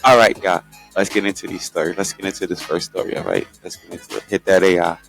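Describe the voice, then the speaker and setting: A young man hosting a casual news chat show, talking in a laid-back, joking, low-key drawl. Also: fairly even intonation, quick pace, creaky, a bit bright, soft background music. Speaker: podcast host.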